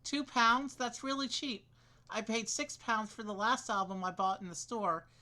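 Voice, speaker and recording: A woman's voice: a little high, normal speed, bright, forceful tone. A woman reading the lines of a curious young female detective in a video game, plainly read.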